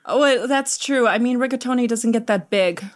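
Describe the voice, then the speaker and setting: High-voiced joking woman co-host. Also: moderate pace. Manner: joking, giggly banter. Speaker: podcast co-host. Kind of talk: casual comedic chat.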